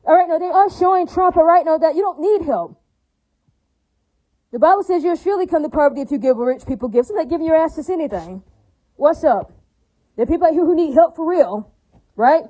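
A woman's voice: high-pitched, animated, a little fast, pauses often, warm tone, poor audio. A woman delivering a profane, repetitive ranting monologue, punctuating it constantly with rhetorical tag questions.

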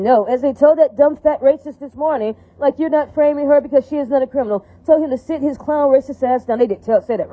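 A woman's voice: sits high, no echo. A woman ranting in a rambling, profane, repetitive monologue. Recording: tinny phone-like audio, dry.

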